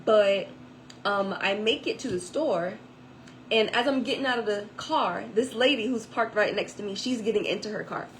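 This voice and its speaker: A woman's voice: medium pitch, moderate pace, a little hiss or hum, poor audio. A woman telling a personal faith testimony in a chatty way, with many fillers and asides. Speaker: author giving a testimony.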